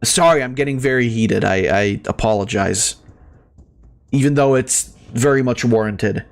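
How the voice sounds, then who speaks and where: Mid-pitched and moderately paced, this male gaming streamer is exasperated as he plays, ranting heatedly in casual talk. He swears often and keeps stumbling over his words, restarting mid-phrase.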